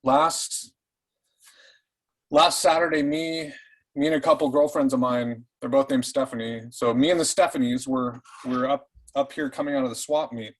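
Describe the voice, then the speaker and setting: Husky man telling a wild story. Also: mid-range voice, normal speed, low-quality recording. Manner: profane, animated, restarts often. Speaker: participant. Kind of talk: casual spoken storytelling.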